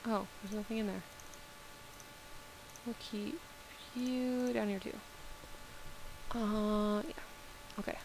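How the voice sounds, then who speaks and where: A woman's voice: mid-range voice, steady tone, slow pace, pauses often. A woman giving casual, playful commentary as she plays a video game, talking to the animals on screen. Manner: playful, chats to the game's animals. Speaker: video game let's-player. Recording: clear background noise.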